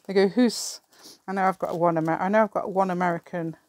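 Middle-aged woman, slightly low voice, rambling craft-video chatter with laughs and mumbled asides. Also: fairly even intonation, rapid-fire, a little mellow, no echo. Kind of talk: casual chat while crafting.

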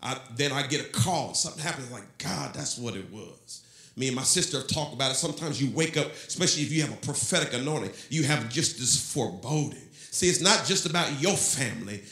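A man, a pastor, preaching a sermon in a church, often breaking into shouted and half-sung lines. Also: medium pitch, expressive, a little fast. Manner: preaching, rising to shouts, half-singing phrases. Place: church sanctuary. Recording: echoey church room.

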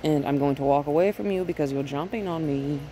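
A woman's voice: deep voice, quick pace, dark tone, faint music behind. A woman dog trainer giving a casual, step-by-step demonstration at home, often checking in with "right?". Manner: chatty, explains step by step, often adds "right?". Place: at home and in the yard with her dogs.

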